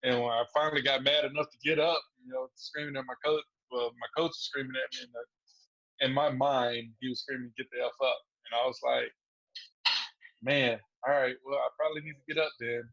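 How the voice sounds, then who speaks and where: A man's voice: medium pitch, steady tone, a little fast, a bit bright, dull audio. Laid-back man telling fight stories. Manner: laid-back, laughs through his stories. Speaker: guest fighter. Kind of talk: casual storytelling interview.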